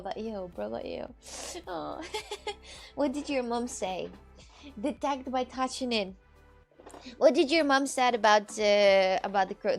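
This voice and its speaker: Streamer woman, accented English, playful and teasing, slightly high, faint music behind. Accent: non-native English. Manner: chatty, laughing, playful, teasing. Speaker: livestream host. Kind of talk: casual chat with viewers.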